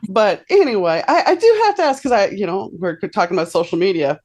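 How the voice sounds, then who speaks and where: A woman's voice: mid-range voice, expressive, a little fast, darkish tone. A middle-aged woman hosting an interview, chatting casually and sharing personal anecdotes. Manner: conversational, tells personal anecdotes. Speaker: podcast host.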